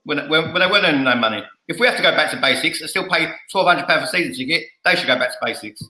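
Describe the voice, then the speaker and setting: A man hosting a fan podcast, with a very bright, sharp edge to his voice. He is blunt and jokey and stammers now and then. The room around him is echoey. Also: a little high, animated, rapid-fire. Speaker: fan show host. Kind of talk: casual podcast debate. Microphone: headphones and studio mic.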